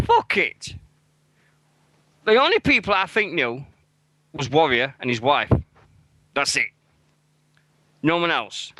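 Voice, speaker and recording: A man's voice: fairly high pitch, bright, forceful tone, no room sound, rough recording. Blunt, sweary British man in his forties. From England. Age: 40s. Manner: swears a lot, blunt and emotional. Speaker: radio co-host. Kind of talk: casual podcast chat.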